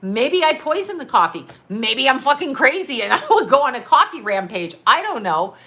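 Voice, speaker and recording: Bright-voiced chatty middle-aged woman. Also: high-pitched, sing-song, moderate pace. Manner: rambling, chatty storytelling with frequent laughs and swearing. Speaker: psychic medium and astrologer. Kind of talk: casual livestream chat reading comments.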